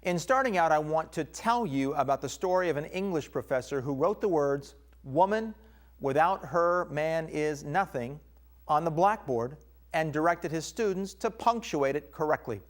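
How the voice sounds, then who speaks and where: A man's voice: a little high, lively intonation, moderate pace. A man teaching a recorded Bible lesson, stressing key words as he explains.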